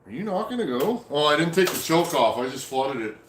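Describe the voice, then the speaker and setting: Very animated and brisk, a Canadian-accented man from Canada hosts a live stream from his home workshop, where he builds chainsaws. His voice is on the high side as he rambles folksily through viewer comments in casual chat, and the roomy recording is very noisy.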